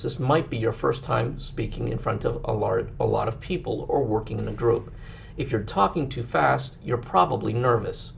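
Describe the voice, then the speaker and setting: A male teacher talks a class through a lesson in a clear, instructive way. His voice has a heavy gravelly fry. The recording is a little dull and lo-fi, with a faint hiss underneath. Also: mid-range voice. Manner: clear, instructive, with occasional slow deliberate demonstrations.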